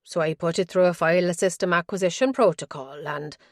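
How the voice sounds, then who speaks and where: A man's voice: high voice, brisk, no echo, studio quality. A woman voicing an impatient, scornful male tech expert with a Welsh accent in an audiobook. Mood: tetchy. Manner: impatient, jargon-heavy, scornful.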